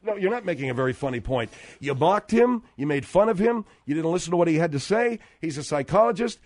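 Middle-aged radio host guy, lively swoopy delivery, needles and scolds the callers, dry sound. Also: a little high, fast, no room sound. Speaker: radio talk show host. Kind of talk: comedic radio talk show.

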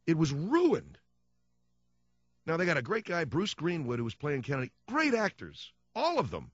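A male radio talk host rants sarcastically through a comic monologue, his pitch swinging all over the place. The sound is dry and a bit dull, with no room around it. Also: huge pitch swings, a little fast, a bit bright, no room sound, faint music behind. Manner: ranting, sarcastic.

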